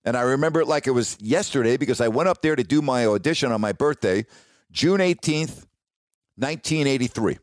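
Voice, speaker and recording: A sportscaster telling a personal career story in a casual, animated, ad-libbed way. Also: male voice, mid-range voice, a little fast, no room sound. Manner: casual, animated retelling with ad-lib restarts.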